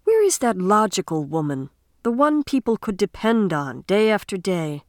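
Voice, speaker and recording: At medium pitch, a woman reads scripted audiobook narration in a measured, expressive storytelling style. The recording is dry and studio-clean.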